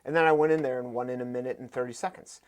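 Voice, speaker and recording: A young adult man, a fitness coach, telling stories in casual podcast talk, getting animated and loud as he gets excited. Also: mid-range voice, very fast. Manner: animated, voice rises sharply when excited. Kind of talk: casual storytelling.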